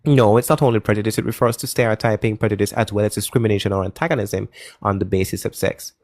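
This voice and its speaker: A man's voice: lowish voice, fairly even intonation, fast, a little mellow, dry recording, clean studio sound. A man hosting a live debate stream, sarcastic and mocking, interrupting guests often. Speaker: debate livestream host.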